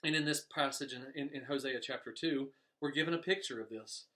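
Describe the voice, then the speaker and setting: A man preaching a sermon, telling stories in an animated way and pointing the lesson back to his listeners. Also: medium pitch, fairly quick. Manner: storytelling preacher, animated, voices quoted characters. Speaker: pastor.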